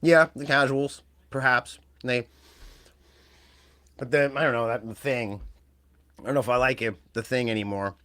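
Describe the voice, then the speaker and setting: A man's voice: mid-range voice, steady tone, normal speed, pauses often, pushed and bright, dry recording. A man co-hosting a wrestling podcast, talking in a rambling, casual way that trails off and restarts. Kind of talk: casual chat.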